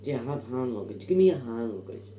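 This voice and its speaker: A man's voice: mid-range voice, sing-song, quick pace, mellow, reverberant, a little hiss or hum, voice pushed down, natural voice. A woman voicing a kind male flight steward with an Irish accent, friendly and fussing over a passenger. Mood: reassuring.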